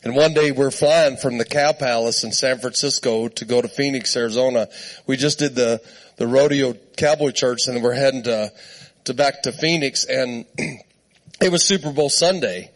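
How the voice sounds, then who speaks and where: A man preaching in church, telling a funny story with lots of laughter and animated quoted voices. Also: mid-range voice, normal speed. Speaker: guest preacher. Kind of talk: storytelling sermon.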